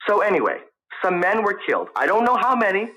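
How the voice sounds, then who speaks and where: An eager young student caught between nerves and defiance, as a storyteller puts him on. He talks in a raised, lively voice that climbs when pressed, bright and sharp at the edges. A storybook figure who argues right back. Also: high-pitched, fast, voice pushed up, full character voice, rough recording. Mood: heated. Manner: eager, defensive. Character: young man, college student, nervous and argumentative.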